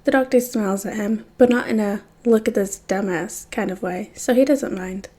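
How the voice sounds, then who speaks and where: A woman reading fan fiction aloud in a soft, intimate narration that sometimes drops close to a whisper. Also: mid-range voice, brisk. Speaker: podfic reader.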